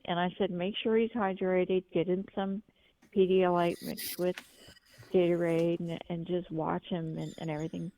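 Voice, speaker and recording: A woman's voice: fairly low pitch, steady tone, normal speed, dark tone, poor audio. A woman calling in to a talk show, telling things in an earnest, rambling way. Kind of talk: call-in talk.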